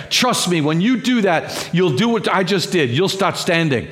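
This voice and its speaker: Fervent preaching man, fairly high voice. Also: expressive, moderate pace, few pauses, fairly bright tone. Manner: fervent, repetitive preaching with many restarts. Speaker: pastor. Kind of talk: sermon.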